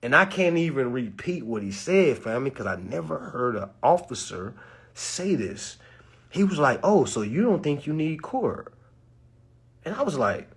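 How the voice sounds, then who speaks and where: A young man telling a story to his audience, acting out the quotes with sudden high bursts and laughs. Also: very animated, moderate pace, breathy edge. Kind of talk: animated storytelling talk.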